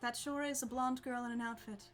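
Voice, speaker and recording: A woman's voice: on the high side, steady tone, brisk, faint music behind. A woman streaming a game, chatting casually with viewers, bubbly and laughing often. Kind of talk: casual gameplay chat with viewers.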